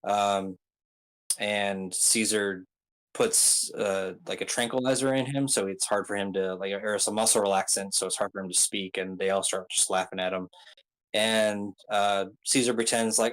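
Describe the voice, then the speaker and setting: A man's voice: lowish voice, steady tone, normal speed, fairly bright tone, rough recording. A man casually recapping a story, rambling with many ums and uhs and throwing in joking asides. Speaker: video creator recapping an anime arc.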